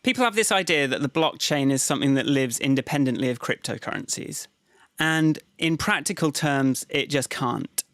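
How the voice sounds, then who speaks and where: A man's voice: medium pitch, lively intonation, normal speed, fairly bright tone, soft background music. A man co-hosting a casual podcast chat, explaining things patiently and hedging with "kind of". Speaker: podcast co-host.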